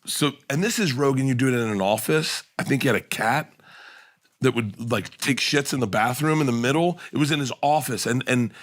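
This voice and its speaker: A man's voice: medium pitch, brisk. A middle-aged man, a comedian guest, telling casual podcast stories and acting out the people in them. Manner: animated storyteller acting out quotes.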